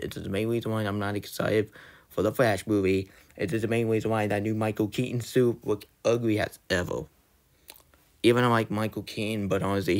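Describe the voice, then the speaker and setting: A young man vlogging a heated, repetitive rant and apologizing to his viewers along the way. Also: lowish voice. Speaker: YouTuber. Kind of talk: ranting commentary.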